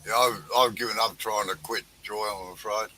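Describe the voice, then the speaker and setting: A man's voice: lowish voice, fairly even intonation, normal speed, bright, forceful tone, slight background noise, rough recording. A man hosting a casual woodworking chat on a video call, bantering with dry jokes. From Australia.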